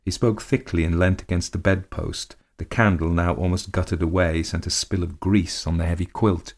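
A man reads a period story aloud with measured, dramatic delivery. His voice is very deep, sitting in the lowest register. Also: steady tone. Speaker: narrator. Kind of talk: scripted story narration.

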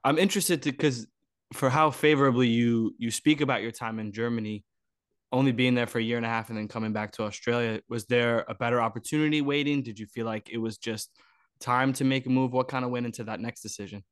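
A man's voice: medium pitch, steady tone, quick pace, clear, resonant tone, dry recording. Chatty American man on a dry mic. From United States. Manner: friendly, chatty, asks long questions. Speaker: host. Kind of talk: casual interview chat.

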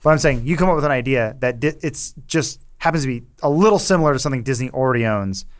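A man's voice: medium pitch, lively intonation, fast talker, smooth. A man co-hosting a movie podcast in casual chat, rambling and repeating himself, half-joking. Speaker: podcast co-host.

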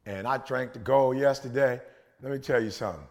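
A man's voice: mid-range voice, animated, fairly quick, creaky. A young man co-hosting a podcast, telling a story animatedly in slangy casual speech and laughing often. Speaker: podcast co-host.

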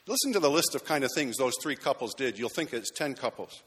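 A pastor with a middle-pitched voice speaks in a chatty, lightly joking way as he honors people from the front of the church. His voice carries a long reverb through the sanctuary. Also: expressive, fairly quick, fairly bright tone, slightly rough. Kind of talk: church announcements and recognition.

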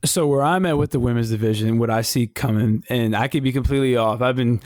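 A man co-hosting a casual wrestling talk show. He speaks in an animated, slangy way and often repeats his words. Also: mid-range voice, fast, no echo, studio quality. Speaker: wrestling podcast co-host. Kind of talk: casual commentary chat.

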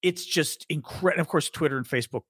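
A man co-hosting a podcast, talking in a sarcastic, animated way and mocking the voices of the people he quotes. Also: on the high side, fast, husky. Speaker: podcast co-host. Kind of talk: casual political chat.

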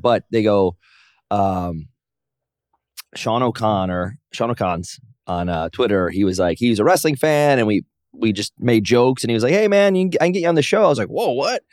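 A low-pitched man, a pro wrestler and comic appearing as a guest, tells stories in a casual interview. He's animated, jumping into raised voices to act out what other people said. The studio recording is clean, with no room sound.

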